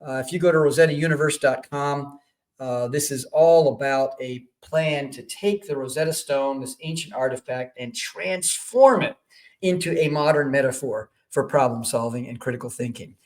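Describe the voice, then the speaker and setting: A man hosts a radio talk show. His voice sits a little high for a man. He rambles and breaks off his own sentences while promoting his projects. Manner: rambling, self-interrupting promotion.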